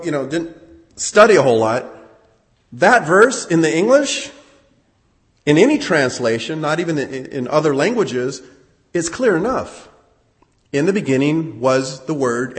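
A man teaching the Bible, explaining Greek words and slowing down to stress key phrases. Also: medium pitch, in a large hall.

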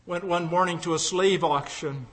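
A man preaching a sermon and leading a prayer, fervent, swinging between loud cries and hushed lines. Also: high-pitched, steady tone, normal speed, in a large hall.

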